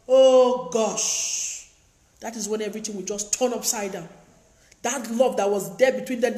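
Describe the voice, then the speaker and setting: A woman giving emphatic, preachy advice in a lecturing monologue, repeating her points. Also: a little high. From Africa. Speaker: advice vlogger. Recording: echoey room.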